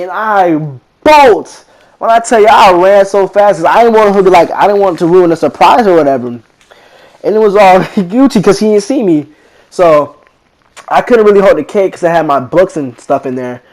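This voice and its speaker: Teenage guy, slangy casual storyteller, fairly high-pitched, animated quoting. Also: moderate pace. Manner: slangy, rambling, animated retelling with quoted voices. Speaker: vlogger.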